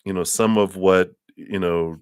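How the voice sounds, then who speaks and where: Deep-voiced man giving a rambling tarot reading. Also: steady tone, a little slow, clear, resonant tone, no room sound, studio quality. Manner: rambling, encouraging, many fillers and restarts. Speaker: tarot reader. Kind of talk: live tarot reading to a viewer.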